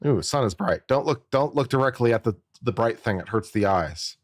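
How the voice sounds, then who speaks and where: A man's voice: medium pitch, lively intonation, normal speed, no room sound, clean studio sound. A man, an attorney, giving casual and jokey live-stream commentary, musing aloud and often repeating himself.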